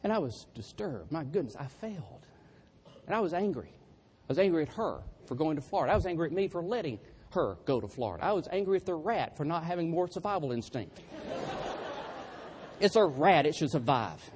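A man's voice: on the high side, very animated, a little fast, a little mellow, slight background noise. A man preaching a sermon through humorous, self-deprecating storytelling.

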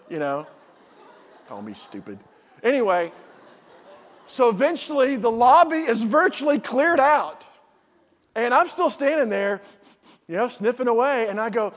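Middle-aged male preacher, lively storyteller, high voice, long reverb of a large hall. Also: a little slow. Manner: animated storyteller, acts out dialogue. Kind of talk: sermon with a humorous story.

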